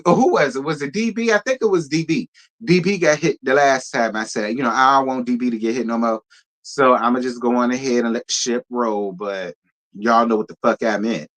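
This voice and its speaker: A man's voice: medium pitch, a little fast, fairly bright tone. A man hosting a live review of a reality show, giving blunt, sassy and profane commentary, talking straight to his viewers and thanking donors. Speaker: reality TV recap host.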